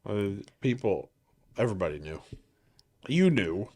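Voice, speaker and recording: A man talks with his wife on their podcast in a calm, low-key way, with dry, understated replies. He doesn't put much emotion into his voice. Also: a little slow. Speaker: podcast co-host. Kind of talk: casual couple chat.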